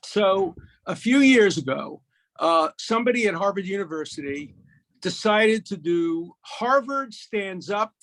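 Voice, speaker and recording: A man in his eighties from Brooklyn, a guest telling jokes and stories in a lively, punchy way. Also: high-pitched, measured pace. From Brooklyn, USA. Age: 80s. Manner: lively raconteur, punchy delivery. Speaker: guest, lawyer. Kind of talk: animated storytelling, joke-telling chat.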